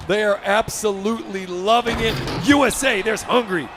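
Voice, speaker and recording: A man doing fast, excited play-by-play commentary on an esports basketball match, often shouting. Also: high voice, music in the background.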